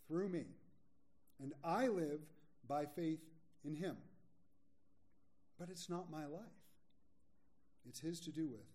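A male pastor delivers a sermon in a mellow, fairly high voice. He is candid and self-mocking, joking with the congregation, then slows right down to stress his points. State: a little sleepy.

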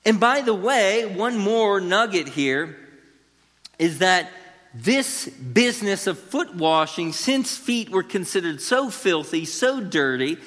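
A man's voice: high-pitched, lively intonation, slow pace, a bit bright. A man preaching an expository sermon in a conversational, emphatic way, turning to the listeners with asides. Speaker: pastor. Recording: long reverb of a large hall.

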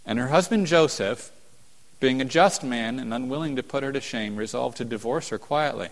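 A man preaching a sermon as a pastor, earnest, rising to emphatic peaks and falling to hushed tones. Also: mid-range voice, normal speed. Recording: long hall reverb.

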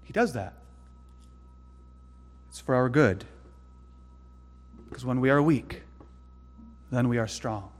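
A man preaching a sermon in an earnest way, dropping to hushed tones and rising to sudden loud emphasis. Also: medium pitch, slow pace, long pauses, in a large hall, faint music behind. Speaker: pastor.

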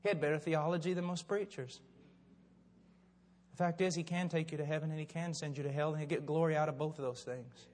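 An older male preacher delivers a sermon in a fervent, impassioned storytelling manner. His voice sits high for a man, and it rings out through a large church hall with a long, lingering reverb. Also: fairly even intonation, a little fast, a little mellow.

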